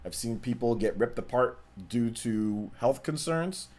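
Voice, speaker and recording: A young man hosting a gaming livestream. He chats casually, reads out donations and viewer questions, and repeats himself in relaxed slang. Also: medium pitch, a little slow. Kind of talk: casual live-stream chat, reading donations and chat.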